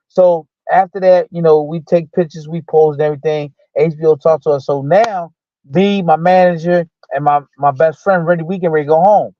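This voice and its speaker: A man with a higher voice tells a long story from his fighting days, acting out each person's lines. His speech is loose, full of fillers and restarts. The sound is dull and lo-fi, and very dry. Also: moderate pace, dry recording. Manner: animated retelling that acts out quoted dialogue. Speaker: guest, former boxer. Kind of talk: casual storytelling.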